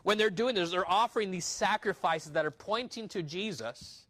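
In a sermon, a male pastor with a slightly higher-than-average voice reads scripture aloud and poses rhetorical questions to his congregation in a loose, conversational style. He speaks at normal speed with a bright, forceful tone, talking the text through like a teacher rather than thundering.

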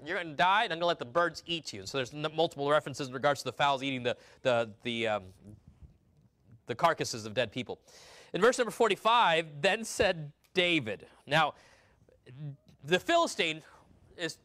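A male pastor delivering an animated sermon. His slightly high voice drops to soft, halting asides, then rises loud and slow for emphasis, with plenty of repeated words.

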